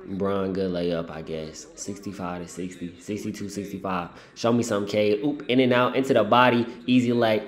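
A man's voice: fairly low pitch, steady tone, moderate pace, hardly any pauses, roomy sound. A man giving casual, slangy live reaction commentary on a basketball game, talking to the players on screen and laughing often. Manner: slangy, says "bro" a lot.

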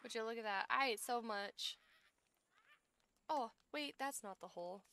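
A woman's voice: on the high side, a little slow, bright, forceful tone, clear, resonant tone. A young woman streaming a survival game, chatting playfully with her viewers and talking to herself as she plays. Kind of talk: casual gameplay chat.

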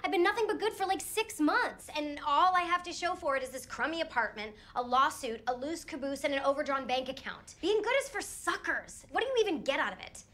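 A woman's voice: sits high, animated, fairly quick, few pauses, bright, forceful tone. Sitcom lead: brash self-absorbed woman, blunt and sarcastic, bouncy delivery. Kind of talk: TV sitcom acting.

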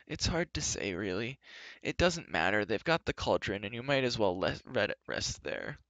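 A man voicing a whiny, cowardly male wizard who pleads and wails softly, on a dull lo-fi recording. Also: on the low side, very animated, moderate pace, vocal fry, no echo, heavily acted. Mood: pleading. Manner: wailing, pleading, soft.

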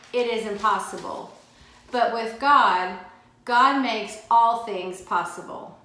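A woman's voice: a little high, a bit bright. A woman teaching a Bible study, reading scripture aloud and stressing key phrases with emphatic repetition. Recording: very echoey room.

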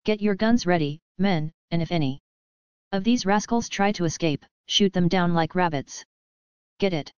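A storyteller doing a brutish gangster boss who growls his threats, the voice very smooth and clean. It sits dry and a little dull, as from a close home recording of a storybook. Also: mid-range voice, normal speed, no echo, natural voice. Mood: threatening. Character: menacing gangster boss, huge brutish man.

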